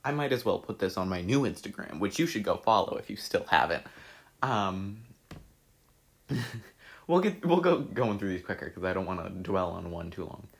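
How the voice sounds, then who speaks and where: A young man with a deep, creaky voice chats casually at a moderate pace. He reads out his old social media posts, laughing and swearing at them with excitable reactions.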